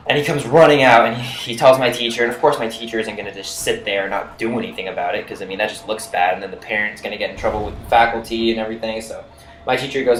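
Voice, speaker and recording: A man's voice: on the low side, fairly even intonation, fast, a bit bright. A young man casually telling a story from his school days, rambling with lots of "like" and "you know". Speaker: vlogger. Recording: roomy echo with faint noise.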